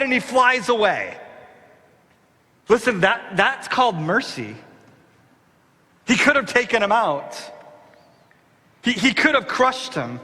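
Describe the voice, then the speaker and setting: Male pastor preaching hard, lots of how-dare-you questions, bright sharp voice, big echoey church. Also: very high-pitched. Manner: impassioned preaching with rhetorical questions. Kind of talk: sermon.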